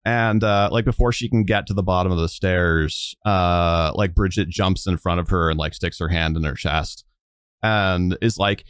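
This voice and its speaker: A man with a very low voice narrates a tabletop game as game master. He rambles, full of "uh" and "like." The sound is dry and close. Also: moderate pace, clear, resonant tone, no room sound. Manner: rambling, many fillers like "uh" and "like".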